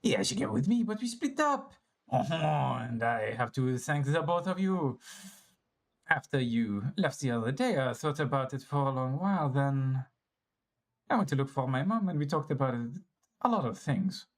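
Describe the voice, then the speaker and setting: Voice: medium pitch, sing-song, moderate pace. A streamer voicing a young game boy who fought with his mother, reading the game dialogue aloud in a put-on French accent that slips into English. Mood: earnest.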